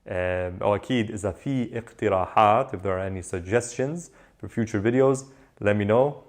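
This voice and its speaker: A man teaching an online lesson in a relaxed, conversational way, slowing down to repeat words for students to drill. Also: fairly low pitch. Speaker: Arabic teacher.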